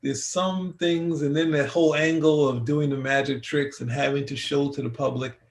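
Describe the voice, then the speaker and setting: A man co-hosting a relaxed review conversation, his voice sitting slightly high for a man. He rambles, restarts his sentences and circles back as he gathers his thoughts. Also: moderate pace, creaky. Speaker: podcast co-host. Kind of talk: casual review chat.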